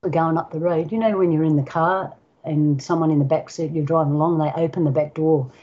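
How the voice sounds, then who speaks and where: An older Australian woman, a guest, tells personal stories with vivid flair, acting out sounds and quoting other people's voices. Her voice is deep and slightly rough, her tone steady, and she speaks a little fast on a dull, lo-fi recording.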